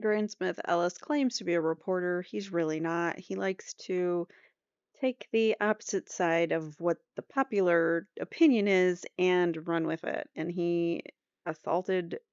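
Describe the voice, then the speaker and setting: A woman's voice: lowish voice, fairly even intonation, measured pace, darkish tone, smooth, no echo, muffled recording. A woman hosting a true crime podcast, giving incredulous, dry commentary. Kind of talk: casual commentary.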